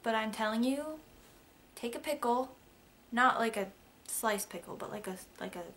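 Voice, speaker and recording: Young woman vlogger, chatty and rambling, slightly high-pitched, faint room hiss on a camera mic. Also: moderate pace, a bit bright. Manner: chatty and rambling, many fillers and asides. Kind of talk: casual facts-about-me vlog.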